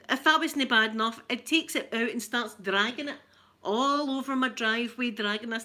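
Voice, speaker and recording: A Scottish woman with a Scottish accent hosts a casual livestream chat. Her voice is bright and clear-edged, and she talks in a chatty, animated way as she tells stories. She sounds middle-aged. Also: on the high side, brisk. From Scotland. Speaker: ASMR channel host.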